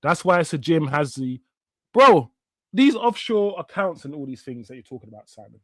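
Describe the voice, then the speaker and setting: A man in his fifties, Jamaican-born, now, rants through a casual live stream, slangy and swearing, in a voice pitched a little higher than most men's. The sound is dry and close, with no room around it. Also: animated, moderate pace, fairly bright tone, dry recording. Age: 50s. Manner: heated, swearing, street slang. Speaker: watch-along stream host.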